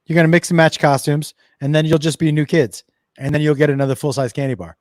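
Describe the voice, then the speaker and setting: A man's voice: fairly high pitch, fast talker, no room sound, studio quality. A middle-aged man co-hosting a podcast, swearing freely and acting out dialogue as he tells stories. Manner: lively, swearing, acts out dialogue. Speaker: podcast co-host. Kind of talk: casual storytelling chat.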